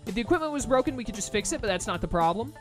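Man reading anxious polite manager, video game, pitched up a bit, faint music. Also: animated, racing. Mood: worried. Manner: polite, worried, pleading. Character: fretful middle-aged male aquarium manager.

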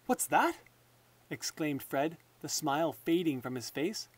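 Male audiobook narrator, measured storytelling, fairly high voice. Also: fairly even intonation. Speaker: audiobook reader.

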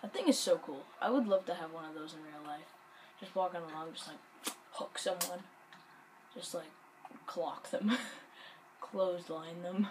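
A woman giving casual gameplay commentary, excitable and jokey, muttering and whispering to herself. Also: on the low side, unhurried, pauses often, crowd noise, poor audio.

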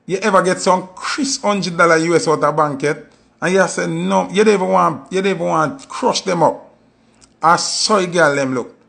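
A man with a Jamaican Patois accent, telling stories in a casual monologue and acting out quoted voices with sudden high jumps. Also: moderate pace, gravelly, a bit bright. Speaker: commentator.

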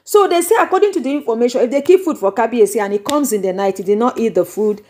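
A woman's voice: fairly high pitch, quick pace, mellow, a little hiss or hum. Dramatic Nigerian woman spilling gossip. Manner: dramatic exclamations, rambling retelling. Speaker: YouTube gossip vlogger. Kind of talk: animated gossip storytelling. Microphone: microphone.

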